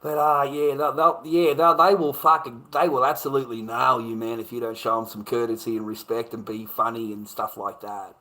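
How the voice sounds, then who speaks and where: A man's voice: medium pitch, flat delivery, a little fast, hardly any pauses, bright, forceful tone, rough recording. An Australian man hosting a livestream, talking in a brash, profane and confrontational way as he reacts to chat comments at home. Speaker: livestream host.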